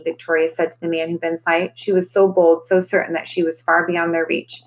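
A woman, a teacher, reading a children's novel aloud with expressive, dramatic storytelling. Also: fairly low pitch, fairly quick, hardly any pauses, rough recording. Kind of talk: read-aloud storybook narration.

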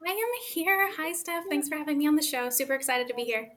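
A woman's voice: high-pitched, expressive, fast, fairly bright tone. A woman joining a podcast as a guest, friendly and eager.

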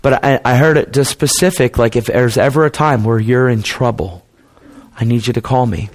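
A preacher, a man, shares a testimony in a relaxed, conversational tone. He slips into the voices of the people in his story as he tells it. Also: medium pitch, normal speed. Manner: casual and conversational, calls people man and dude; acts out quoted people in dialogue.

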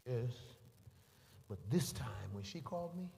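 A man preaching a storytelling sermon, animated and acting out scenes, rising to shouts at the peaks, in a roomy hall. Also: mid-range voice, measured pace, gravelly, slight background noise.

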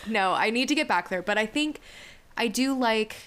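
A woman's voice: fairly high pitch, lively intonation, moderate pace, a bit bright. A young woman co-hosting a podcast, chatting casually and self-deprecatingly with lots of filler words. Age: young adult. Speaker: podcast co-host. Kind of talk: casual chat.

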